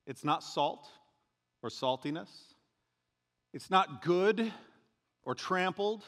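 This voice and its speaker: A pastor delivers a sermon with a slightly higher voice and very lively, swinging pitch. He keeps it conversational, tossing in joking asides between his points. His voice rings out with a long reverb, as if he were in a church sanctuary. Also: slow.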